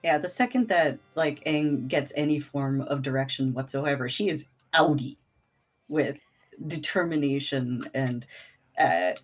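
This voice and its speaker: A woman's voice: extremely low pitch, a little slow, soft background music. A woman playing a tabletop game, playfully describing her character's moves. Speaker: player. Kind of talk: casual tabletop chat.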